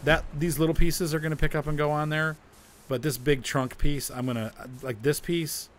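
A man's voice: a little high, steady tone, moderate pace, a little hiss or hum. A man hosting a casual gameplay video, chatting and grumbling about game glitches as he plays. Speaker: gaming video host.

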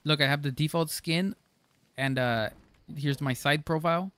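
A man's voice: fairly high pitch, normal speed, a bit bright, clear, resonant tone. A man streaming a game live, chatting playfully with his viewers, joking and laughing often, sometimes slipping into mock-formal phrasing. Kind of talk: live gameplay commentary, reading chat.

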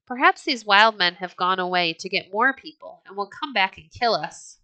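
A woman's voice: mid-range voice, animated, moderate pace, pushed and bright, low-quality recording. A woman reading a fearful Norse wife. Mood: worried.

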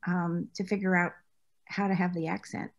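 A woman's voice: lowish voice, flat delivery, moderate pace, lo-fi sound. A woman guest in an interview, chatty and anecdotal, often laughing as she recalls her acting work. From United States. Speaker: interview guest, former actress. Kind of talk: conversational interview.

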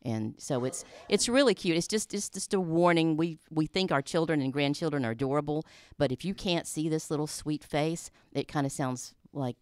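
A woman's voice: low voice, normal speed, hardly any pauses, a little mellow, smooth, no room sound. A woman voice-over artist and traffic reporter, chatting in a self-deprecating way in a radio interview. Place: radio studio. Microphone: studio microphone.

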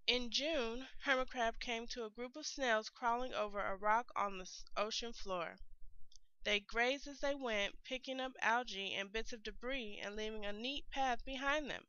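A woman reading a children's picture book aloud in a clear, expressive storytelling manner, as a teacher would. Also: on the high side, normal speed, no room sound. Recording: dull lo-fi recording.

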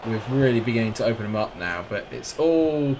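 Male gamer, lower voice, dry sarcastic running commentary, some noise behind. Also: animated, a little fast. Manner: exasperated, sarcastic, self-mocking. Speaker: gaming YouTuber. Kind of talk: live gameplay commentary. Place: at home, late at night.

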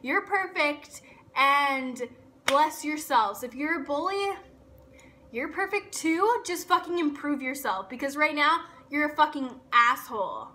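Bright, high-voiced young woman ranting. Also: animated, slight background noise. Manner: blunt and profane, heavy swearing; fast talk with lots of filler "like". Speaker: vlogger. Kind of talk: casual rant to camera.

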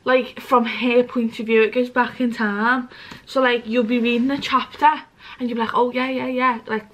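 A woman's voice: a little high, fairly bright tone, low-quality recording. A young British woman chatting casually and rambling to camera, swearing freely. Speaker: vlogger. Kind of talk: casual vlog chat.

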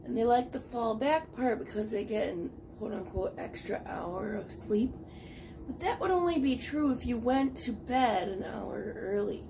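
A tired woman talks to her camera in her home kitchen, drifting from one thought to the next and laughing at herself. Her voice sits a bit high, and she speaks slowly and unhurriedly. Steady household noise hums in the background. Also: gravelly. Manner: rambling, self-deprecating chatter. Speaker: vlogger. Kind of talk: casual kitchen vlog.

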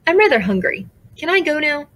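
A woman voicing a high, rambling creature guardian. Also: big pitch swings, brisk, fairly bright tone. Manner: rambling, easily distracted, sheepish. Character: jittery childlike creature guardian, male.

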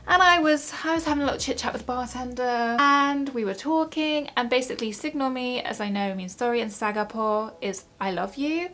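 A young woman talks into her camera at home in a fairly high voice. She is giggly and self-mocking, sounding words out haltingly and laughing at her own attempts. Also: fairly bright tone, slight background noise. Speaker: YouTuber. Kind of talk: casual vlog chat.

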